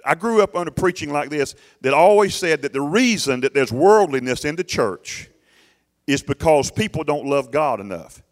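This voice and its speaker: A man delivers a sermon in a church sanctuary, his voice sitting somewhat high for a man. He talks straight to his congregation, repeating phrases and pausing to press a point. A long hall reverb trails his words. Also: expressive. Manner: emphatic, conversational preaching with repeated phrases and audience asides. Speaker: pastor.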